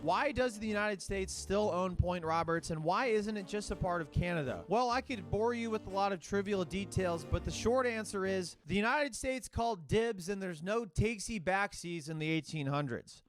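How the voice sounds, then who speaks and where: A young man from Cleveland giving a scripted, joking voice-over for a travel video, full of sarcastic, self-deprecating asides. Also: high voice. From Cleveland, Ohio. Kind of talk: scripted comedic voice-over narration. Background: faint music.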